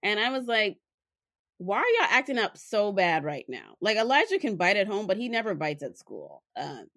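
A woman's voice: mid-range voice, very animated, normal speed, a bit bright, dry recording, studio quality. A young woman co-hosting a podcast in casual chat, animatedly telling stories and acting out her children's voices. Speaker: podcast co-host.

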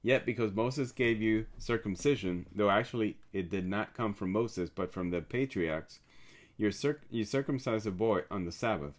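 A calm, solemn teacher speaks in an earnest, measured way, as a man reads his words aloud. The voice sits fairly low and never hurries. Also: lightly acted.

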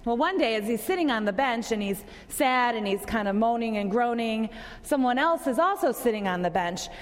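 A woman's voice: a little high, lively intonation, moderate pace, big-room sound. A woman pastor giving a conversational sermon to a congregation, asking them questions.

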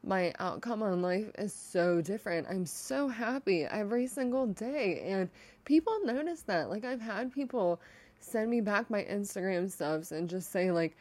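A woman's voice: mid-range voice, animated, measured pace, darkish tone. A woman hosting her own mindset podcast, talking earnestly in a casual monologue and saying "like" often. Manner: earnest, heavy use of "like" as filler. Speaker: podcast host.

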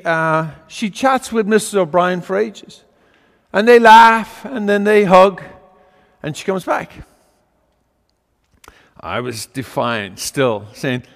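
Older preacher with a long hall echo. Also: male voice, high-pitched, fairly bright tone. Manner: folksy, with fillers and asides. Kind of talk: storytelling homily.

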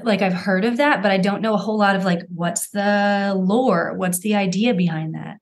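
A woman's voice: mid-range voice, moderate pace. A woman hosting a podcast, asking eager, curious questions in casual talk. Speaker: podcast host. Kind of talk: casual interview.

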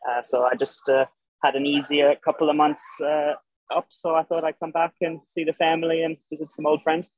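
Young Irish-tinged Australian man, halting. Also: a little high, little pitch movement, no room sound. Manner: halting, many fillers and restarts. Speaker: guest showjumper. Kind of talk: casual interview chat. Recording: dull lo-fi podcast sound.

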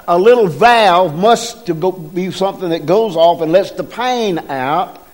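Middle-aged guy preaching, kinda high voice, lots of ums, leans on the big words slow. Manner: folksy, frequent ums and repeated words, stresses key phrases slowly. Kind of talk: sermon.

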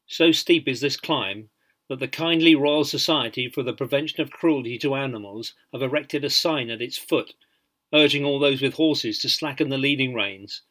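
A man narrating a biography in an audiobook, measured and dryly humorous. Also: medium pitch, fairly bright tone.

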